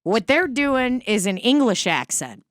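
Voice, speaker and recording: A woman's voice: on the high side, big pitch swings, unhurried, no room sound, clean studio sound. A woman co-hosting a casual comedy podcast, rambling and joking with some swearing. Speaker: podcast co-host. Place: home dining room.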